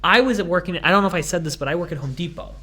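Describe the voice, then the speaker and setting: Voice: mid-range voice, rapid-fire, fairly bright tone. A young hardware store worker telling a casual vlog story in a rambling, digressive way, full of "like".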